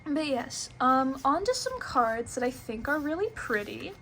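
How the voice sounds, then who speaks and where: A young woman chats her way through a tarot deck review, full of fillers and little giggles. Her voice sits a little high. A faint hiss runs underneath the recording. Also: big pitch swings, measured pace, a bit bright. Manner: chatty, filler-heavy, giggly.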